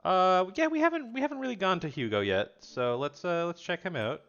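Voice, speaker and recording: A man's voice: high-pitched, expressive, fairly quick, vocal fry, a bit bright, dull audio, soft background music. Chatty male streamer playing a game. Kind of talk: casual gameplay commentary.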